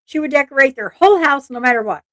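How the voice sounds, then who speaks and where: A slightly high-voiced woman hosting a true crime livestream, talking in a loose, earnest way. She restarts her sentences often and breaks off to speak to her chat. The sound is dry and close, with little room. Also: lively intonation, fast, no echo. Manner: chatty, earnest, asides to chat, frequent restarts. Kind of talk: casual live-stream narration.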